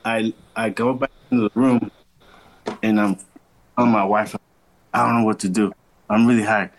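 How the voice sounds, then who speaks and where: A young man with a lowish voice and flat delivery tells a long story on a podcast at normal speed. He's casual and slangy, swears plenty and acts out everyone's words in voices, on a low-quality recording with slight background noise.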